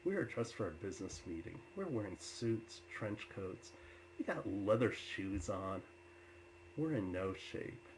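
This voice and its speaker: A man telling personal stories to an audience with many filler uhs, turning loud and animated when he quotes himself. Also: fairly low pitch, a little slow, slight background noise, rough recording. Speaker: storyteller. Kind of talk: personal storytelling talk.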